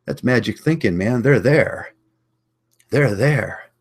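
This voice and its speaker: A man's voice: mid-range voice, expressive, takes it slowly, husky. A man hosting his own channel, delivering a blunt, combative monologue and repeating lines for emphasis. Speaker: online channel host. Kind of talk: ranting monologue.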